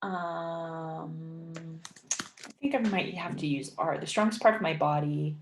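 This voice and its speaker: A woman teaching an English writing lesson, thinking aloud with many fillers and repeating example sentences slowly for learners. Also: sits low, reverberant. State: yawning, sleepy. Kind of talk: casual spoken lesson, writing practice.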